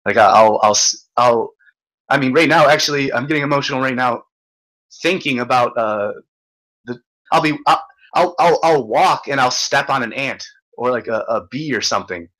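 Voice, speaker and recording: Host type: man with a bright, forceful voice, rambling and stumbling through a casual rant. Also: medium pitch, rough recording. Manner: rambling, halting, laughs often. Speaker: podcast host.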